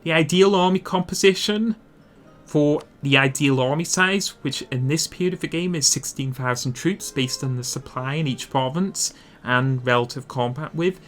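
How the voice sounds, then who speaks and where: Talking at normal speed in a fairly high voice, a man gives instructional commentary on a strategy game. He walks through his plans, musing aloud and correcting himself as he goes.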